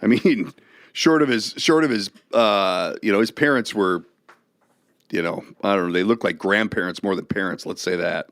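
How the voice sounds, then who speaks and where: A man's voice: on the low side, normal speed, no room sound. A middle-aged man co-hosting a podcast, telling stories in a casual chat and laughing often. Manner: animated storyteller, laughs often. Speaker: podcast co-host.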